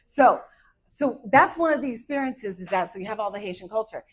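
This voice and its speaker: Woman in her 50s doing stand-up, hyper and bouncy, voice sits a bit high. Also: brisk, slightly rough, rough recording. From Arizona, USA. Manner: hyper, animated storytelling. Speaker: stand-up comedian. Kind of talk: stand-up comedy set.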